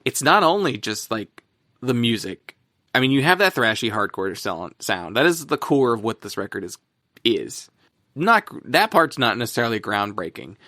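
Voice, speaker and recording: A man chatting casually on a podcast, rambling along with plenty of fillers and quick laughs. His voice sits at an ordinary middle pitch. The recording is dry and close, with no room sound. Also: sing-song, bright, forceful tone, no room sound. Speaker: podcast co-host. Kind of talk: casual music chat.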